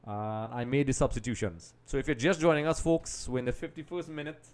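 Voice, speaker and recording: A man with a mid-pitched voice hosts a live football watch-along in a casual, chatty way, calling his viewers "folks." He stays distracted as he juggles tasks, and his commentary keeps trailing off into quieter mutters and restarts. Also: a little fast. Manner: distracted, multitasking while commenting.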